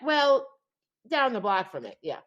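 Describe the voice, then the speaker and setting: On a lo-fi recording, a woman with a fairly high voice speaks at a measured pace as she co-hosts a casual podcast chat. Her storytelling is animated, full of frequent laughter and acted-out quotes.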